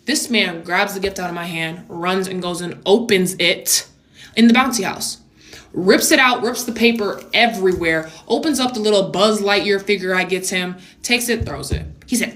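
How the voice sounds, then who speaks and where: A young adult woman telling a story in a vlog, animated and blunt, with sassy asides. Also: medium pitch, fairly quick.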